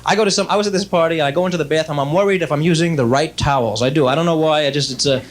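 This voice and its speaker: A young man doing a stand-up routine on stage, chatty, with quick asides and frequent self-interruptions. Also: on the high side. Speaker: stand-up comedian. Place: stage before a laughing audience.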